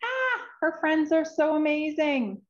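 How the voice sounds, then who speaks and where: A woman reading her own children's book aloud, expressive and emotional, with sighs and drawn-out words. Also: high-pitched. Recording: roomy, dull recording.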